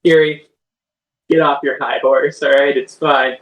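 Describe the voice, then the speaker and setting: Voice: mid-range voice, fairly even intonation, a little slow, echoey room, close to an everyday voice, rough recording. A game master voicing a crude, flippant prankster man who teases bluntly. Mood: mocking. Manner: teasing, blunt, coarse.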